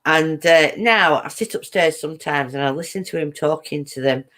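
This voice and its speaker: Giggly chatty woman with a low voice. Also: moderate pace, a bit bright. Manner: chatty, giggly, reads out viewer comments. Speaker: host of a live chat stream. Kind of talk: casual live-stream chat.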